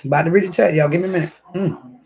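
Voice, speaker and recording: Fairly high-voiced guy on a live stream eating breakfast, chatty, reads the chat out loud, laughs a lot. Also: very fast. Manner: chatty, eats between sentences and reads the chat aloud; laughs often, with sudden loud outbursts.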